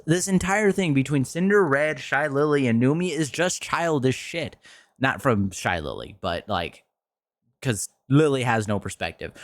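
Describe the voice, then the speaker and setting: Man, frustrated streamer rant, dry close mic, mid pitch, swears a lot, pitch spikes when heated. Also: lively intonation, a little slow, dry recording. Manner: frustrated, exasperated, swears often; pitch jumps up sharply when worked up. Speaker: streamer commentator. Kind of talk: ranting commentary video.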